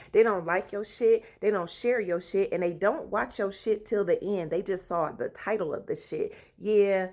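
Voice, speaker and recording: A young woman telling a story to her followers in a casual, slangy, animated way, with swearing and dramatic emphasis. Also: medium pitch. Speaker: relationship advice vlogger.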